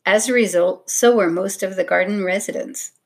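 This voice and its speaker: A woman narrating a children's storybook in a steady, expressive reading voice. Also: medium pitch, normal speed, gravelly.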